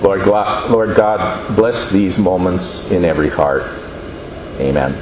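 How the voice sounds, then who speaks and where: A man giving a sermon, speaking slowly and deliberately and asking the listeners questions. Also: sits low, expressive. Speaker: preacher. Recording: echoey room with faint noise.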